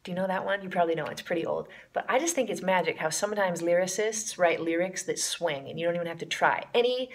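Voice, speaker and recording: A woman's voice: on the low side, quick pace, hardly any pauses. Enthusiastic woman teaching jazz piano. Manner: enthusiastic, demonstrates by counting and scatting rhythms. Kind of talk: casual music lesson. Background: piano playing.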